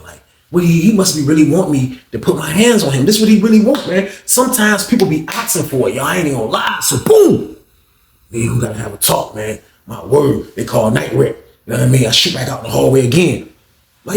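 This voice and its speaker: A young man spins a casual storytime at a rapid clip, animated and profane, jumping into voices for the dialogue. His voice sits a little high, and a roomy echo hangs around it. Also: gravelly, slight background noise.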